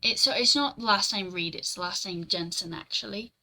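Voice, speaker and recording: A young woman streamer chats loosely with her viewers, answering their messages as she goes. Her voice is bright and forward, sitting at a middle pitch. She rambles casually, drops the odd swear word and laughs easily. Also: moderate pace, poor audio. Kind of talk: casual live-stream chat, reading and answering chat.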